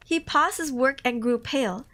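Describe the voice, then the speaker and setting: A woman reads spooky tales aloud on a live stream in a high, bright voice. She reads in a casual way and breaks off into emotional reactions and swearing. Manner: emotional, cries and exclaims between passages. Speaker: streamer reading horror stories.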